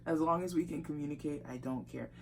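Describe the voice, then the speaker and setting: A woman's voice: deep voice, fast, a little mellow, a little hiss or hum. A young woman from the United States chatting with her partner in a casual couple vlog, emphatic and laughing often. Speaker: vlogger.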